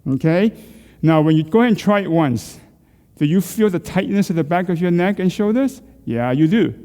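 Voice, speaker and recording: Neck exercises are underway in a church hall, led by a middle-aged man whose voice sits high, expressive and dark at a normal pace. The room sounds big, and he coaches, asks the class questions and jokes with them.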